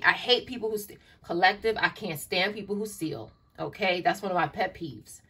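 A woman's voice: fairly low pitch, expressive, normal speed, hardly any pauses, bright, forceful tone. Woman tarot reader, blunt and profane, recorded a little off-mic with a faint hiss. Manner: blunt, profane and exasperated, addressing the listener as child. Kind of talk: online tarot reading. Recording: distant mic, faint noise and clicks.

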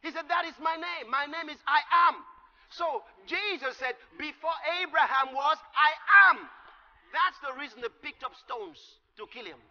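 A man preaching a sermon, explaining scripture with emphatic delivery that rises to shouts. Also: extremely high pitch, animated, normal speed. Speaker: pastor. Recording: lo-fi recording with long hall reverb.

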